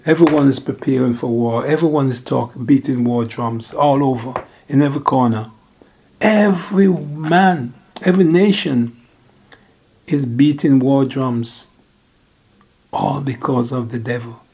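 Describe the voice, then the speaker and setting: A man preaching a sermon in a slow, halting way, rising higher and louder when he stresses a point. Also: husky.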